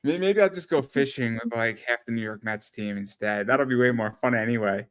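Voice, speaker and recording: A man's voice: mid-range voice, fairly quick, fairly bright tone, smooth. A man hosting a casual talk show, rambling and swearing, often repeating his words. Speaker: podcast host. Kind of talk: casual chat.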